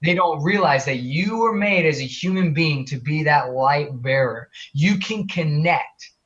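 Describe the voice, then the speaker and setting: Young man, earnest storyteller, animated, fillers and restarts, bright forceful voice, muffled lo-fi sound. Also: a little high, measured pace. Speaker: guest. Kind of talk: casual storytelling interview. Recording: muffled lo-fi audio.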